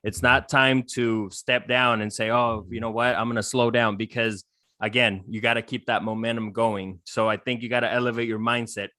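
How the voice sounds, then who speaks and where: A man hosting a podcast interview, speaking in an earnest, motivational way. His voice is bright and forward, and it is recorded close and dry. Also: medium pitch, flat delivery, normal speed, no room sound. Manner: earnest, motivational, asks long questions. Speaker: podcast host. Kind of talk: interview host, casual conversation.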